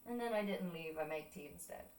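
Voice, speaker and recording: A woman's voice: lowish voice, fairly quick, a little mellow, recorded from a distance. Young irish woman, streamer, casual storytelling, swears a lot, echoey room, a bit away from the mic. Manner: chatty storytelling, swears freely, acts out quoted voices. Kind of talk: casual chat while drawing on stream.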